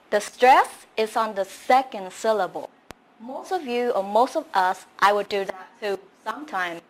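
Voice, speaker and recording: A woman teaching English pronunciation slowly, with many fillers. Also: medium pitch. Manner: slow, halting, many fillers. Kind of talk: slow pronunciation lesson.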